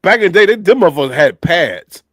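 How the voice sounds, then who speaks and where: A man hosting a casual sports talk show, animated and profane, his voice jumping up when he gets worked up. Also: fast talker, dry recording, studio quality. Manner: animated, profane, jumps up in pitch when excited. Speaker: podcast host.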